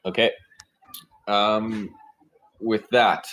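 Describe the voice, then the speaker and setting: A man narrating and running combat as game master, in a relaxed way with many fillers. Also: low voice, moderate pace, poor audio.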